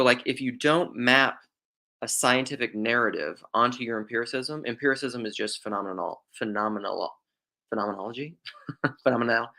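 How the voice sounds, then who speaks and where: A man's voice: mid-range voice, pushed and bright. A young man from Western South Dakota with a faint drawl, musing aloud in a rambling casual theological monologue, often restarting his sentences. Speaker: podcast host.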